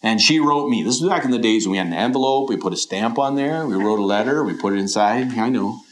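A man's voice: mid-range voice, animated, quick pace. A middle-aged man preaching a sermon in an earnest, questioning way, often voicing imagined listeners. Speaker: pastor.

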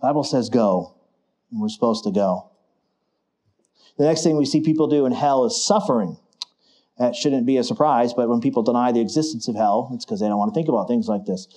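Male pastor, middle-aged, warm mellow tone, emphatic sermon delivery. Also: medium pitch. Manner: emphatic, rising to forceful declarations. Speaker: preacher.

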